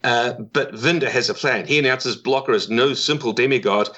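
A man with a New Zealand accent, a podcast guest recapping in a rushed, self-deprecating way. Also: medium pitch, pushed and bright, highs cut off. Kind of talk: casual chat.

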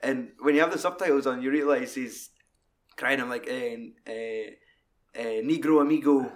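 A man talking casually about a film, swearing freely and acting out quoted lines in loud, high voices. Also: fairly even intonation, moderate pace.

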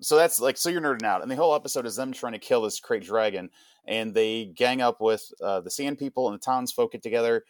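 A young man on a podcast, excitedly recapping an episode in a rambling, casual way full of "like". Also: mid-range voice, fast. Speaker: podcast co-host. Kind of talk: casual pop-culture chat.

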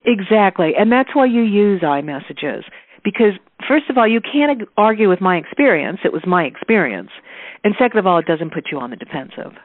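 Over a tinny phone line, a woman author and guest expert on a call-in interview gives practical advice in numbered steps. Her mid-range voice is sing-song and brisk, with no room sound.

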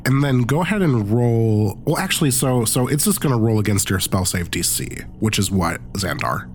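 Man, game master, low voice, relaxed, filler-heavy narration. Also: moderate pace, slight background noise. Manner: relaxed, loose, many fillers.

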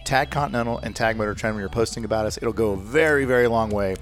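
A man's voice: lowish voice, faint music behind. A man co-hosting a podcast in casual chat, jokey and upbeat. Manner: quick, jokey banter. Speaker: podcast co-host.

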